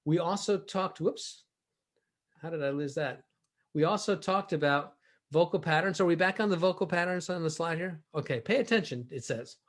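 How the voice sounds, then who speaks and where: A man presenting a sales training session, shifting his volume and pace to demonstrate vocal techniques. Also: high voice.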